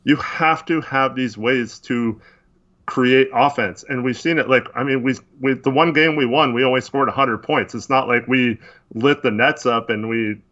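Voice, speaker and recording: A man's voice: medium pitch, normal speed, a bit bright, dull audio. A man co-hosting a casual sports podcast, rambling and frustrated with lots of fillers. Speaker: podcast co-host.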